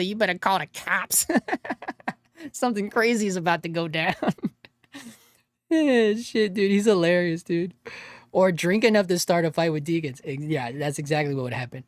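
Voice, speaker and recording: A man's voice: high-pitched, lively intonation, normal speed, long pauses, no echo, studio quality. A man hosting a casual livestream, reading chat aloud in a laid-back way, laughing often and calling people dude and bro.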